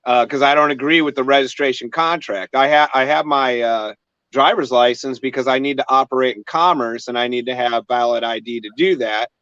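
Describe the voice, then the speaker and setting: A man's voice: medium pitch, fairly quick, a bit bright, clean tone, dry recording. A man hosting a casual chat, talking hesitantly with many fillers and restarts. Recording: dry, dull lo-fi sound.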